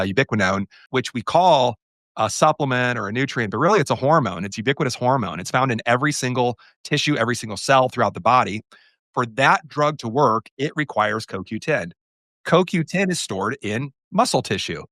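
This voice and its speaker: A man's voice: mid-range voice, dry recording. A man co-hosting a podcast in casual conversation, telling a story with energy and acting out the quoted exchanges. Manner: animated storyteller who acts out quoted exchanges. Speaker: podcast co-host.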